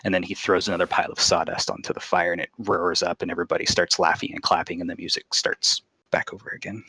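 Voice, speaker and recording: A man's voice: sits low, level tone, quick pace, bright, forceful tone, husky, no room sound, low-quality recording. A man narrating as game master in a casual way, with many fillers and restarts.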